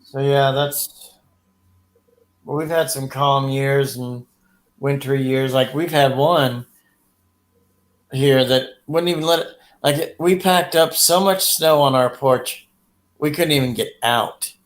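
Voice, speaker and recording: A man's voice: mid-range voice, takes it slowly, pauses often, rough recording. A man hosting a livestream, chatting casually in a rambling way with crude jokes and lots of fillers. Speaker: livestream host. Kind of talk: casual chat.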